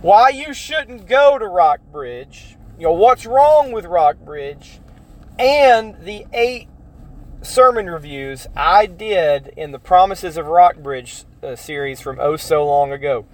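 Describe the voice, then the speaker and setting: A man's voice: high voice, animated, slow. A man hosting a podcast in a casual opinion monologue, rambling, correcting himself and mimicking other people's voices when he quotes them. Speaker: podcast host.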